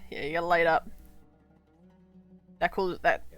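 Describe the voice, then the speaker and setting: A woman running a tabletop game on a stream, giggly and jokey and quick to laugh. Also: lowish voice, lo-fi sound, faint music behind. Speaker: game master. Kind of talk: casual tabletop game chat.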